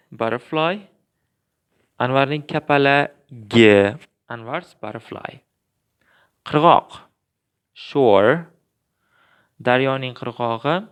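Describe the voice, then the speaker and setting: A man teaches a grammar lesson at an unhurried, deliberate pace. His voice is smooth and clear, sitting at an ordinary middle pitch. He works through each point patiently, with frequent fillers and restarts. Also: fairly bright tone. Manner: slow, careful explaining with many fillers and restarts. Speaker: language teacher.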